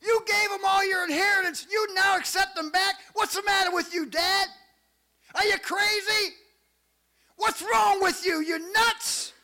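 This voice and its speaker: A male preacher acting out an outraged older brother who shouts accusations at his father. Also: extremely high pitch, fairly even intonation, unhurried, voice pushed up, heavily acted. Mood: furious. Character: furious jealous older brother, young man.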